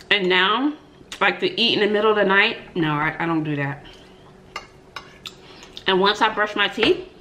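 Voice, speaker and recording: A woman's voice: fairly low pitch, a bit bright, slight background noise. Chatty woman eating and telling stories. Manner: talks between bites with drawn-out "mm-mm" asides. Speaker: mukbang host. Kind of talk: chatty storytelling while eating.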